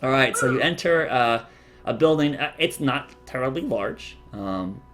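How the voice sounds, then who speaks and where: A man's voice: medium pitch, animated, a little slow, fairly bright tone, faint music behind. A man narrating a tabletop game as dungeon master, casual and rambling, with many fillers.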